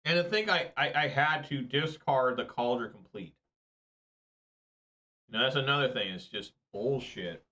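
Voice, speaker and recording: Man, card game commentator, bright voice, swearing, exasperated. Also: mid-range voice, expressive, normal speed, highs cut off. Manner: profane, exasperated ranting. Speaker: online card game player. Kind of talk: live gameplay commentary.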